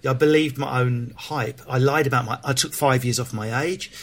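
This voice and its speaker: A man's voice: medium pitch, fairly even intonation, normal speed, fairly bright tone. A stand-up comedian with a Cockney accent, talking frankly and animatedly in an interview, swearing freely and restarting his sentences. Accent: London Cockney. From England. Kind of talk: candid interview chat.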